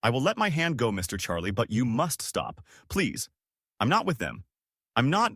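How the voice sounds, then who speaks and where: A man voicing a frightened, hunted Frenchman with a French accent who pleads in a breathy, urgent whisper. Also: medium pitch, huge pitch swings, normal speed, a bit bright, no echo, clean studio sound, full character voice. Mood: panicked.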